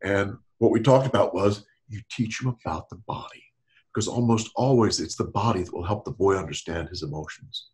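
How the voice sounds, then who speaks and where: A middle-aged man with a lowish voice talks fairly quickly on a relaxed podcast, taking a counseling-style approach. Lively and frequently laughing, he voices quotations loudly as he acts them out.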